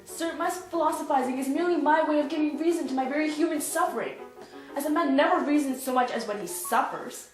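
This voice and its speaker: A woman's voice: sits high, fast, close to an everyday voice. Woman playing a lecturing philosophical father. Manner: earnest, lecturing. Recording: echoey room, far mic, faint music.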